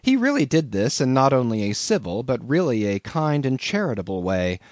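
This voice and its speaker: A man's voice: mid-range voice, moderate pace, no room sound, clean studio sound. Man narrating a classic novel expressively. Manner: expressive storytelling reading. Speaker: audiobook narrator. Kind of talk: scripted audiobook narration.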